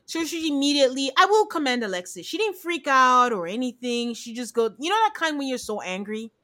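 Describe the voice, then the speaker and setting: A married woman co-hosting a podcast, chatting casually and retelling scenes with lively quoted voices. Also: high voice, brisk. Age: adult. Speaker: podcast co-host. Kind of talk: casual recap chat.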